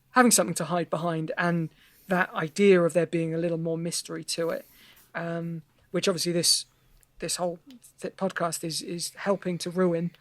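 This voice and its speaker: A man's voice: high-pitched, no room sound. Dry, wry musician guest, a man. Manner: wry, self-deprecating joking. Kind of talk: casual chat.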